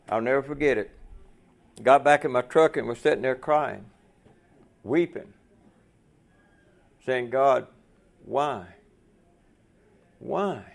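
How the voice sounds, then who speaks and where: A man's voice: mid-range voice, creaky. A man preaching a folksy sermon to fellow truckers, asking the room rhetorical questions.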